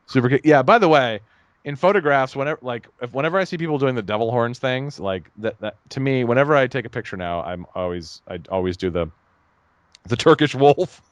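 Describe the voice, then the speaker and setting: A man co-hosting a podcast, chatting casually in a rambling, animated way and laughing at his own jokes. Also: mid-range voice, fairly quick, no echo, highs cut off. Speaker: podcast co-host. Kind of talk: casual chat.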